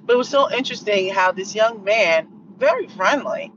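A middle-aged woman talks casually to her listeners as a podcast host, animated and quick to act out other people's lines. She sits a little back from a dull-sounding mic. A faint hiss runs underneath. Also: mid-range voice. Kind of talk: casual storytelling monologue. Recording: distant muffled mic with faint noise.

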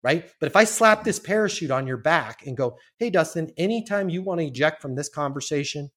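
A man's voice: on the high side, expressive, brisk, a bit bright. Emphatic man coaching sales on a podcast. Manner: emphatic, acts out sales calls, swears casually. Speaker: sales trainer guest.

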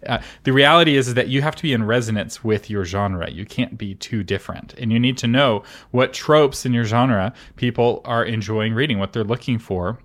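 A man co-hosting a writing podcast, giving advice in a casual chat, emphatic with quick laughing asides. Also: medium pitch, a bit bright. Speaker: podcast co-host and author consultant.

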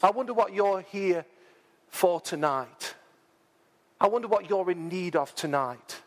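A man preaching a sermon, chatty and informal, who rises to loud, dramatic peaks when he reads scripture aloud. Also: high voice, normal speed. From England. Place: church hall. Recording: long church hall reverb.

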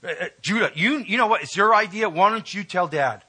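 A man acting out guilty brothers getting their cover story straight, hurried and conspiratorial. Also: sits high, pushed and bright, husky, voice pushed up, exaggerated voice. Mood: scheming.

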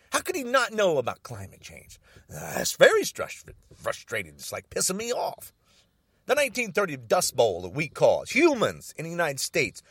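A man's voice: fairly high pitch, a bit bright, husky, no room sound, studio quality. An older man in an angry, agitated political rant, repeating himself and stumbling over restarts.

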